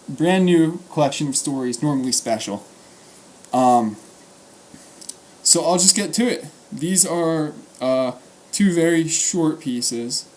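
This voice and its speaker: A man's voice: fairly high pitch, a little mellow, poor audio. Man reading short fiction aloud. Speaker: host and reader.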